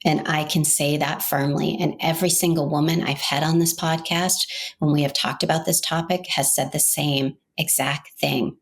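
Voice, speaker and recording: A woman's voice: deep voice, steady tone, moderate pace. A middle-aged woman from Maine, a podcast host telling her own story in an earnest, heartfelt, reflective way. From Maine, United States.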